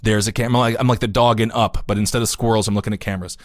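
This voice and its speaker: Recorded in a New York City home studio with clean, echo-free sound, a podcast co-host reads political news at a very fast clip. His low-leaning, steady voice wanders into jokey asides and grows worked up and emphatic on this casual talk show.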